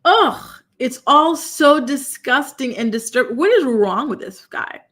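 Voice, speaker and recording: Woman doing a livestream commentary show, kinda high voice, super incredulous and animated. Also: unhurried. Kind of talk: live-stream commentary reading chat.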